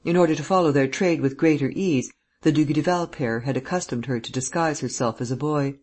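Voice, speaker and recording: An audiobook narrator giving a steady, measured reading of a classic novel. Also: medium pitch. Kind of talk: scripted narration.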